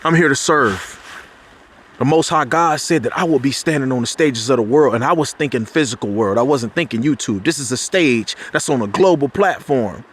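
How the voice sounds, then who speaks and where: A man giving an impassioned spiritual talk, loose and conversational, with slang and restarts. He climbs sharply in pitch whenever he drives a point home. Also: normal speed, a little hiss or hum. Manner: preachy, rises sharply in pitch when making a point. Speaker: motivational speaker.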